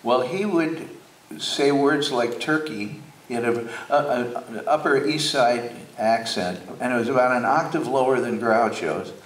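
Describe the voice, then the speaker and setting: Slow-talking older man in a theater. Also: medium pitch, far from the mic, a faint crowd, a little hiss or hum. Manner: slow, anecdotal, hesitant. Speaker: guest speaker. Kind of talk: on-stage conversation. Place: theater stage before an audience. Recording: roomy hall, mic from afar.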